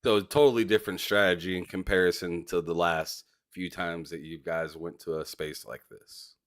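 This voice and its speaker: Smooth-voiced man hosting a chat. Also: low-pitched, fairly even intonation, normal speed. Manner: encouraging, repeats words as he talks. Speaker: host. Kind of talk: casual interview chat.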